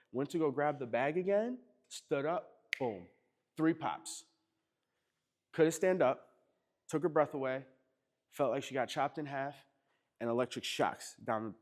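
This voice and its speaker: A man with an East Coast American accent, a chiropractor telling stories casually to a workshop group, chatty and often laughing as he acts out quotes. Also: medium pitch. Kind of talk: casual storytelling to a live group.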